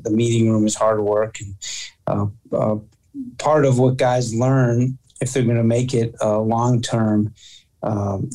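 A man, a football coach, answering interview questions in a halting way, restarting and repeating words often. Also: fairly low pitch, mellow, poor audio.

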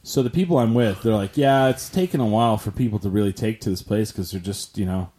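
A man's voice: lowish voice, fast, warm tone. A young man co-hosting a casual chat, telling stories with acted-out quotes and casual swearing.

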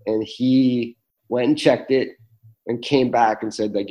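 A man's voice: mid-range voice, steady tone, unhurried, dull audio. A man, telling personal stories as a guest in a conversation, earnest and full of fillers and restarts. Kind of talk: reflective storytelling in conversation.

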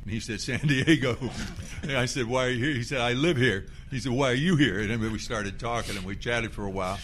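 An older man, a former player, telling an animated story about his career and acting out the quotes with a laugh. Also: fairly quick, slight background noise. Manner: acts out quotes with rising pitch and laughter.

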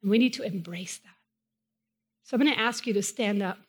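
A woman's voice: mid-range voice, brisk, slight background noise. A woman pastor with a Spanish accent, giving an emphatic sermon in a chapel and repeating phrases for stress. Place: church chapel.

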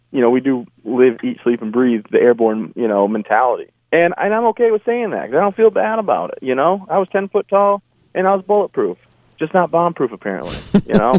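A man's voice: medium pitch, no echo. A man, an army veteran and motivational speaker, talking earnestly and plainly in an interview. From United States. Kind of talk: casual interview talk. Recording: tinny phone line, dry.

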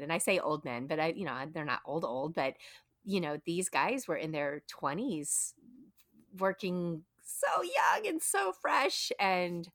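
A woman's voice: low-pitched, dry recording, clean studio sound. A woman in her thirties co-hosting a podcast, chatting eagerly with lots of restarts. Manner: chatty, excitable, many restarts. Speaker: podcast co-host. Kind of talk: casual chat.

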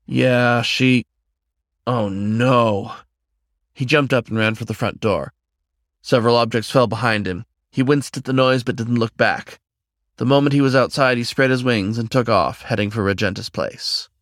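A man reading a fantasy story aloud as its narrator in a steady storyteller's manner. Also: medium pitch, normal speed, no echo, clean studio sound. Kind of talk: scripted narration.

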